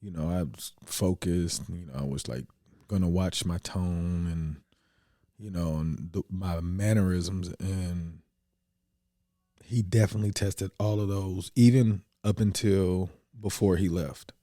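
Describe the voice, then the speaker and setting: Man, podcast co-host, deep and mellow, candid and searching, dry close mic. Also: steady tone, a little slow, dry recording. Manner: candid, searching, with frequent fillers. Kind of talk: reflective casual conversation.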